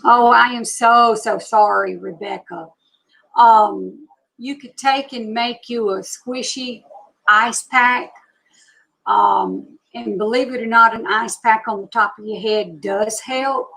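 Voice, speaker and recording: A woman's voice: on the high side, lively intonation, gravelly, fairly bright tone, rough recording. A woman in her sixties with an Alabama Southern accent, chatting casually with viewers as host of a live psychic reading stream. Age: 60s. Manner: chatty, slow Southern drawl, greeting viewers by name.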